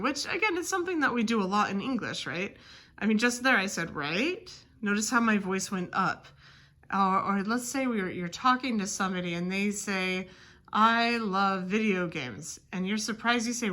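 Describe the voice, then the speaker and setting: A woman teaching a French grammar lesson from a textbook. She explains things casually, with ums and quick self-corrections. Her voice sits at a middle pitch. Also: bright, forceful tone.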